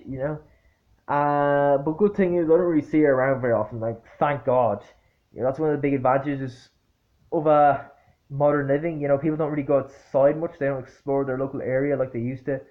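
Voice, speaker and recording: A man tells a story straight to the camera in a loose, halting way, stumbling over fillers and restarts. He is blunt and swears easily, with an exasperated edge. His voice sits at an ordinary pitch, and the recording sounds dull and lo-fi. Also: fairly even intonation. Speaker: vlogger. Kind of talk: casual anecdotal storytelling.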